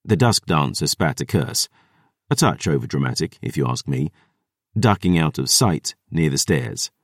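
A man narrating an audiobook in the first person, with a gruff, sardonic, measured delivery. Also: very deep voice, animated, no room sound, clean studio sound.

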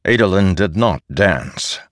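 A man giving measured, steady scripted narration as an audiobook narrator. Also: deep voice, dry recording. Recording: dry close studio sound.

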